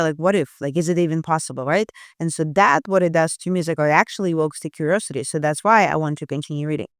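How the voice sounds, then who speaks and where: Chatty woman teaching copywriting, smooth voice. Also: deep voice, dry recording, clean studio sound. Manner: chatty, checks in with frequent "right?" and "you know"; thinks aloud while analyzing text. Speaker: copywriting instructor. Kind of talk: casual screen-share walkthrough.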